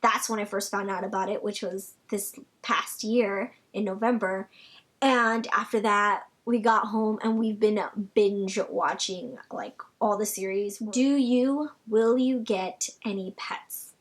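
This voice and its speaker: A young woman chatting casually in a Q&A vlog, rambling with lots of fillers and sometimes dropping to a soft near-whisper. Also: mid-range voice, steady tone, slow. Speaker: vlogger answering viewer questions.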